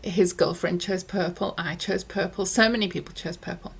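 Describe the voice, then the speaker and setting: A middle-aged woman vlogger speaks candidly to camera, reflecting on parenting. Her voice jumps high when she replays heated exchanges. Recorded indoors on a close camera mic. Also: moderate pace, gravelly, breathy edge. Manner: candid, reflective, recounts dialogue with lively pitch swings. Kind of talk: casual chat to camera.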